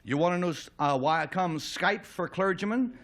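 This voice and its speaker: A man's voice: high-pitched, lively intonation, normal speed, fairly bright tone. A man hosting a television game show, genial and talkative, with a few hesitant fillers. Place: television studio.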